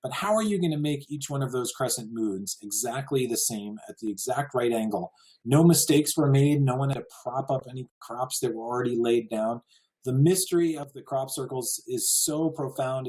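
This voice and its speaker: Over poor audio, a man from the United States presents a slideshow in a relaxed way, his mid-range, darkish voice running a little fast. He's earnest and wonder-struck, letting out an occasional chuckle.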